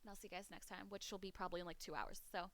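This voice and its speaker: A woman's voice: medium pitch, steady tone, racing, fairly bright tone, slight background noise. A young woman streaming from her home computer, rambling casually to her chat and swearing now and then. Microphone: desk mic at a home computer setup.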